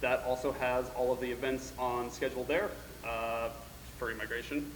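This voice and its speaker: A man on a convention staff panel, answering questions in a quiet, offhand, somewhat hesitant way. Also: medium pitch, little pitch movement, normal speed, a little hiss or hum. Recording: roomy hall reverb, speaking away from the mic.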